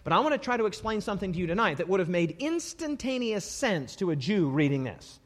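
A man's voice: high voice, sing-song, fast talker. A man preaching a sermon, reading scripture dramatically with sudden emphatic bursts. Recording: long reverb of a hall.

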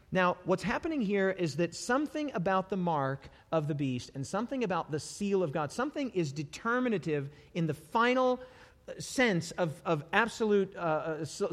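A man preaching a sermon in an animated way, often repeating words for emphasis. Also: on the high side, long reverb tail.

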